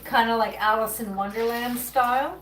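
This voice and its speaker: A woman's voice: a little high, fairly even intonation, normal speed. Chatty woman baking on a roomy, distant livestream. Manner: chatty, rambling, talks to chat viewers. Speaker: livestream host baking at home. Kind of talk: casual live-stream chat while working. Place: home kitchen. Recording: roomy, distant, noisy kitchen sound.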